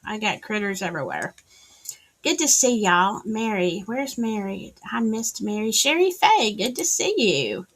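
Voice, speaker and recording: A woman with a Southern US accent hosts a casual livestream, chatting, greeting viewers by name and tossing in sassy asides. Her voice is medium-pitched, sing-song and a little slow. She's on a wired-in streaming setup.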